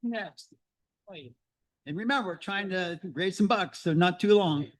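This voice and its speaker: A man's voice: high voice, measured pace. Chatty man leading a club meeting. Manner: chatty, rambling, upbeat. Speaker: meeting leader. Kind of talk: casual storytelling at a club meeting.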